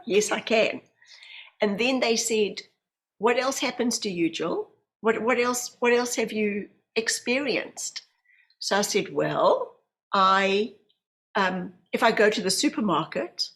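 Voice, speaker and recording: In a mid-range voice, a woman in her fifties from New Zealand shares personal anecdotes as a guest on a podcast interview. A medium and hypnotherapist by trade, she animates her stories by acting out the voices of the people in them.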